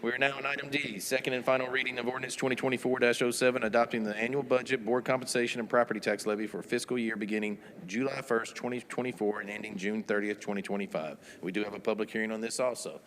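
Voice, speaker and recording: A man presides over a town board meeting, reeling off motions, seconds and votes at a quick clip. His voice sits at an ordinary middle pitch, and he rushes through the procedure like an auctioneer. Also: steady tone, fairly bright tone, long reverb tail.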